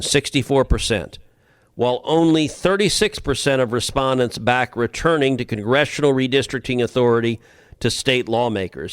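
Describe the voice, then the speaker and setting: A man delivering political commentary on a podcast in an emphatic, argumentative way, often stumbling into a phrase by repeating a word. His voice sits in a middle pitch range, and the recording is dry and close, with no room sound. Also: clear, resonant tone, dry recording. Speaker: podcast co-host, senator.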